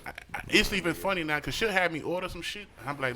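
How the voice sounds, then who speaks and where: A man co-hosting a casual podcast chat, telling animated, profane stories about his daughter and acting out her voice. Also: fast, few pauses. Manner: animated storyteller, acts out his daughter in a high voice; profane, laughs often. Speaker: podcast co-host.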